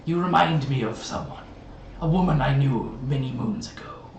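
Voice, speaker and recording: A man voicing a crow familiar that speaks into minds, slow and knowing. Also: roomy sound, distant mic, highs cut off, slight background noise, lightly acted. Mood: sly, knowing. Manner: slow, low, knowing speech. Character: telepathic crow familiar, ancient and sly.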